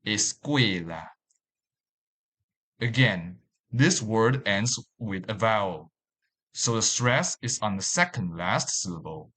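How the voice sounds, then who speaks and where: Slow, measured man teaching a lesson. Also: lowish voice, lively intonation, a bit bright, breathy edge. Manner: measured, deliberate, repeats each example word. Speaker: language teacher. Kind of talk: slow scripted lesson narration.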